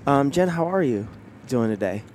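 A man's voice: mid-range voice, animated, normal speed, darkish tone, slight background noise. A man hosting a podcast in casual chat, playful and teasing. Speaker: podcast host.

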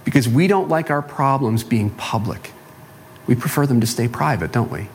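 A man's voice: medium pitch, expressive, moderate pace, slight background noise. A pastor preaching a sermon in a conversational way, asking his listeners rhetorical questions and joking at his own expense. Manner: self-deprecating humor.

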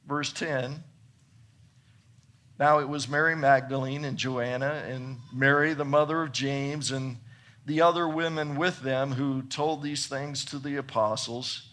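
A man preaching a sermon, reading scripture and explaining it earnestly, building to excited emphasis and then dropping soft for points. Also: medium pitch, measured pace. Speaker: pastor.

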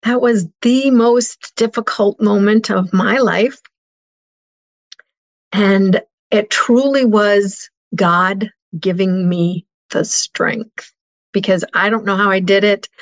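A woman's voice: mid-range voice, fairly even intonation, a little slow, muffled recording. A middle-aged woman telling a painful personal story as an interview guest, earnest and heartfelt.

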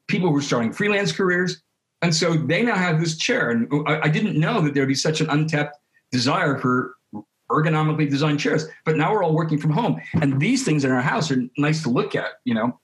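A man guesting on an interview, talking in an animated, casual way with quick restarts and repeated words. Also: fairly high pitch. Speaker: interview guest, creative studio head. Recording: roomy echo.

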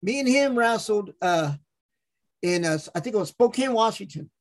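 Profane, animated male storyteller. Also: high-pitched, normal speed, over a noisy crowd. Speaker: podcast host. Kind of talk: casual storytelling.

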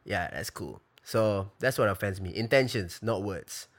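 A man's voice: lowish voice, animated, unhurried. A man, answering fan questions in a loose, slangy live chat on his phone, repeating phrases while he thinks. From Malaysia.

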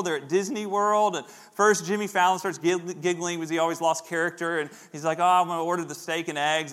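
Middle-aged pastor, casual sermon delivery, slightly higher male voice, acts out quoted voices. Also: fairly bright tone.

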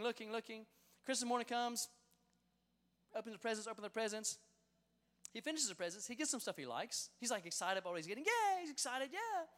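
Lively high-voiced man preaching in a reverberant hall. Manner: lively, storytelling, excited. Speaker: youth pastor. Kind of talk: sermon. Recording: long reverb of a large hall.

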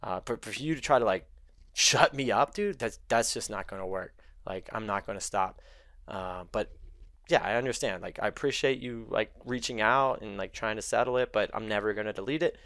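A man's voice: on the low side, a little fast, fairly bright tone, no room sound, clean studio sound. A man, a podcast guest, heatedly retelling a story in casual, profane talk.

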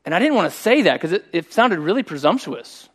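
A middle-aged man preaching a sermon, telling a personal story in a conversational, animated way. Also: high-pitched, a little fast, husky. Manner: conversational and animated, voicing quoted speech. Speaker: pastor.

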